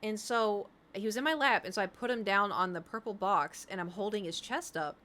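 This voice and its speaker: A woman's voice: medium pitch, brisk, bright, forceful tone. A woman streamer chatting casually, telling rambling stories and talking to her cat.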